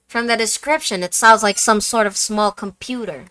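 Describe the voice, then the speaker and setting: A woman chatting casually while she plays a game, tossing in jokes and mumbled remarks. Her voice is bright and the recording is dry and close. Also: mid-range voice, moderate pace, few pauses, clean tone, dry recording. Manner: chatty, joking asides, mumbled and trailing off. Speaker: game streamer. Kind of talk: casual let's-play commentary, reading game dialogue aloud.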